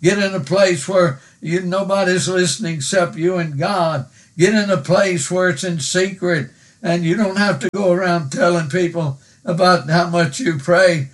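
A man, preaching a sermon and praying, slow and earnest, repeating words for emphasis. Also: sits high. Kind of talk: sermon with prayer.

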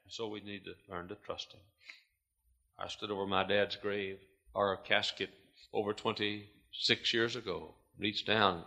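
A man preaching a sermon as pastor, swinging from hushed, quiet lines to loud, shouted climaxes. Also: on the low side, steady tone, unhurried, creaky.

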